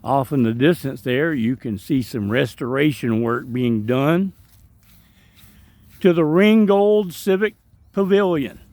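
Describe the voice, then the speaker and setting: A man's voice: medium pitch, slow pace, darkish tone, dry recording. A man with a Southern US accent narrating a rambling, chatty walkthrough of an outdoor park on a handheld camera. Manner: rambling, chatty, self-deprecating. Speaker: travel vlogger.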